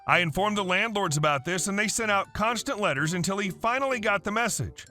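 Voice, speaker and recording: A man narrating story posts in a scripted, wry, animated way. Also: sits high, fairly quick, soft background music.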